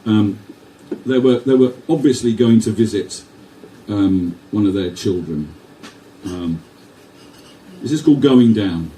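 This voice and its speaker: A man's voice: on the low side, a little slow, long pauses, dark tone. A man performing his poems live to an audience, with wry, self-deprecating banter and the odd swear word between pieces. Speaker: performance poet. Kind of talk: live poetry reading with banter. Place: live venue before an audience. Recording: distant mic in a live venue.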